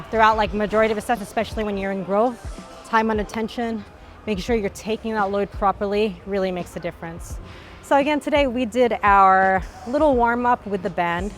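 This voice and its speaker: A woman fitness vlogger talking casually through her workout, out of breath and full of "like" fillers. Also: mid-range voice. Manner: talkative, with many "like" fillers. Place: gym. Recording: faint background music.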